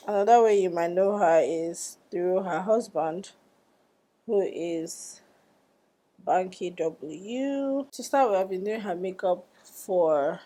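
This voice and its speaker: A young woman, a makeup artist telling a story in a casual vlog, animated and quick to exclaim. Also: medium pitch. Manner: animated, exclaiming and laughing, acting out quoted dialogue.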